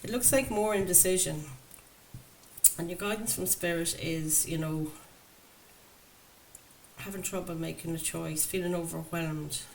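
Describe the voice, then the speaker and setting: A woman's voice: fairly low pitch, steady tone, a little slow, gravelly, long pauses, low-quality recording. A woman doing a chatty, enthusiastic tarot reading, talking to her viewers. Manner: enthusiastic, chatty, laughs often. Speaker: tarot reader. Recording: faint background noise.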